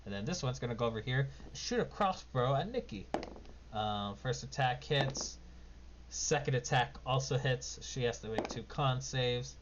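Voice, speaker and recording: A man's voice: medium pitch, lively intonation, moderate pace. A man running a tabletop game as game master, narrating casually and rambling with lots of fillers. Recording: dull lo-fi mic with faint noise.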